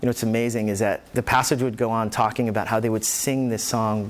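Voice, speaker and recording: A man preaching a sermon as pastor, animated, acting out the voices in the scripture he tells. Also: fairly low pitch, quick pace. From New York.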